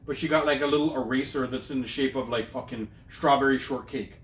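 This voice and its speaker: A man's voice: medium pitch, fairly even intonation, brisk, reverberant, recorded from a distance, a little hiss or hum. A man co-hosting a podcast, telling loose, profane stories in casual chat. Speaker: podcast co-host.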